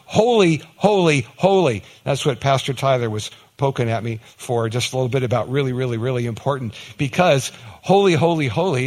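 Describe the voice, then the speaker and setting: A man preaching a sermon in a lively, conversational way, often repeating words and acting out quick mock exchanges. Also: mid-range voice. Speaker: pastor.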